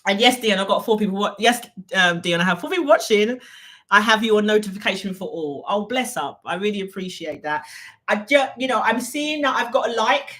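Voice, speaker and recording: A woman's voice: medium pitch, expressive, a little fast, fairly bright tone. A woman with an English accent, from the UK, hosting an unscripted live Q&A in a chatty, rambling way and reading viewer comments aloud. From United Kingdom. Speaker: live-stream host.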